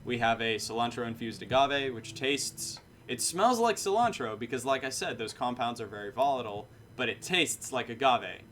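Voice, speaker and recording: A man's voice: mid-range voice, animated, normal speed, few pauses, a bit bright, a little hiss or hum. A male live streamer and bartender, chatting casually in a matter-of-fact way, his sentences ending on a downbeat. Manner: matter-of-fact, falling inflections; rambling, self-correcting. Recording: music playing behind.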